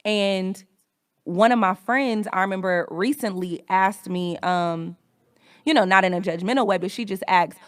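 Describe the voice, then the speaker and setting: A woman's voice: medium pitch, normal speed, dry recording. A woman in her thirties hosting a podcast, telling a personal story in a candid, reflective way with frequent swearing. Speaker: podcast host.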